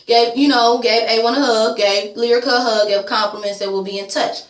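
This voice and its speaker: A woman's voice: on the high side, steady tone, a little fast, echoey room. A woman vlogger giving a casual recap, blunt and sassy, swearing freely and calling people "girl". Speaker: YouTube vlogger reviewing a reality show.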